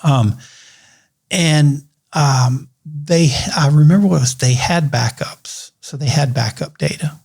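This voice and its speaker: A man, an attorney guest on a podcast, telling a story in a lively, conversational way with fillers. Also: on the high side, measured pace, creaky, husky. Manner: animated storyteller with laughs and fillers.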